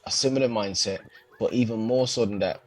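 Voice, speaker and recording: A man co-hosting a casual football podcast, talking in animated, slangy, opinionated bursts. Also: lowish voice, brisk, poor audio. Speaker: podcast co-host.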